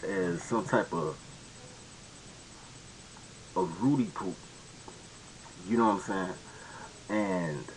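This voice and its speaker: A man's voice: on the low side, slight background noise, low-quality recording. A man hosting a casual commentary monologue, rambling and slangy with many restarts. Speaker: commentary host.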